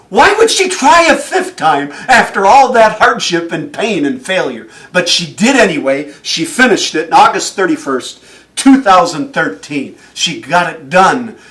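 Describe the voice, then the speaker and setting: A man giving a motivational speech, telling stories in an animated way and chuckling often. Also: high-pitched, distant mic. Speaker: motivational speaker.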